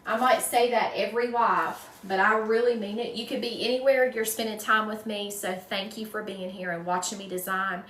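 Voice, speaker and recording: A woman's voice: medium pitch, steady tone, moderate pace, few pauses, fairly bright tone. Chatty Southern woman in a roomy space. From North Carolina, USA. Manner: chatty, greets viewers by name, folksy. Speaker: wreath designer hosting a live stream. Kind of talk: casual live-stream crafting chat. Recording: roomy echo, distant mic.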